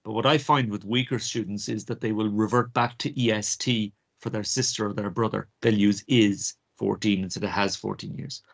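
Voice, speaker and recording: A middle-aged man with an Irish accent, teaching an exam prep lesson and repeating phrases slowly for pronunciation. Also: lowish voice, fairly even intonation, creaky. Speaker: French teacher.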